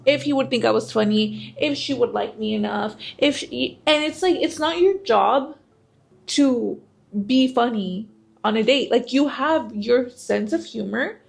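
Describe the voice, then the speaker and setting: A woman's voice: on the high side, creaky, slightly rough. A young woman with a lisp, hosting a casual self-improvement vlog, candid and chatty. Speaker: self-improvement channel host.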